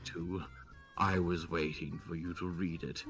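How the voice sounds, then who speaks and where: A man's voice: sits low, flat delivery, a little slow, a bit bright, husky, faint music behind. A man chatting as a live-stream guest, crude and goofy, swearing freely and doing silly bits. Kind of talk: casual group chat on a live stream.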